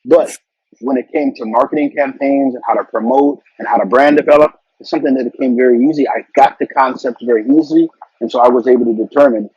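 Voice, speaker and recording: A middle-aged man speaks in a husky, breathy voice, earnest and advice-giving, and often repeats words as he goes. The sound is dry and dull, like a lo-fi recording. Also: mid-range voice, fast, a little mellow, no echo. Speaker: interview guest, corporate marketing executive. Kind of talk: casual conversational interview.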